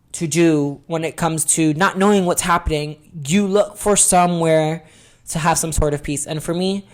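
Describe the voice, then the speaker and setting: A young adult woman hosting her own podcast in a candid, expressive confessional chat, swearing freely and calling listeners honey. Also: low voice. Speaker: podcast host.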